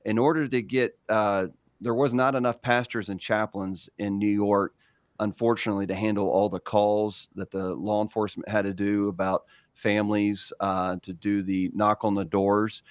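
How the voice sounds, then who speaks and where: A man's voice: lowish voice, dry recording. A man being interviewed on the radio, explaining relief work earnestly with frequent fillers. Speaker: relief organization executive. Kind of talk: conversational interview.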